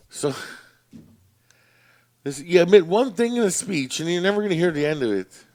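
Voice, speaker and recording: Animated, profane male podcast storyteller. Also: high voice, moderate pace, long pauses. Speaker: podcast host. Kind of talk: casual storytelling.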